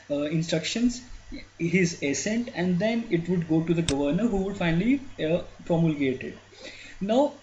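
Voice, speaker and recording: Brief: male tutor, high voice, halting explanatory lecture, dull lo-fi recording with faint hiss. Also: a little mellow. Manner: explanatory, many fillers and restarts. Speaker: exam coaching teacher. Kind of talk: lecture on a newspaper editorial. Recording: dull lo-fi sound with faint noise.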